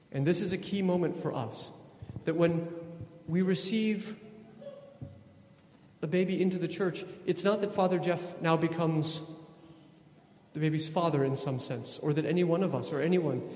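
Animated preacher in an echoing church. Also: male voice, fairly high pitch, a little slow, pauses often. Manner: animated, conversational, acts out voices. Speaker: priest. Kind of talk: sermon. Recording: echoey church with long reverb.

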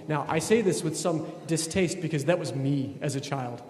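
A man giving a sermon as a priest, animated and conversational, often acting out voices. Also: a little high, normal speed, few pauses. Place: church. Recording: echoey church with long reverb.

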